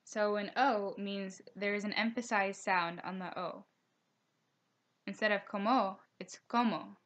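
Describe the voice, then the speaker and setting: Woman narrating a slideshow lesson. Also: mid-range voice. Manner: reads slides aloud at a steady pace, with careful slowed pronunciation notes. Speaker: teacher.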